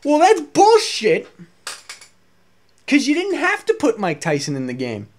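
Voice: high-pitched, huge pitch swings, measured pace, slight background noise. A let's play commentator in an angry, profane rant, firing exasperated rhetorical questions at the game's makers.

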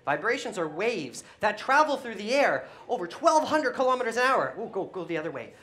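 A woman's voice: mid-range voice, big pitch swings, brisk, fairly bright tone. A woman hosting a children's music show, joking goofily and leading the audience in call-and-response. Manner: goofy, exaggerated, leads audience call-and-response. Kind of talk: playful children's TV presenting.

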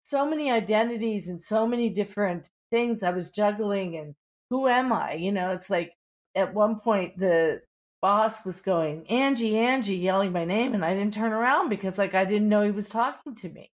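With a mid-range voice and a moderate pace, a middle-aged woman appears as an author guest on a podcast. She speaks candidly in a Pittsburgh accent and leans heavily on "you know."

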